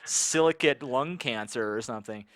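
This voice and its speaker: Rambling man telling animated anecdotes. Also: mid-range voice, normal speed, a crowd in the background. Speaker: podcast co-host. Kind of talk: casual chat.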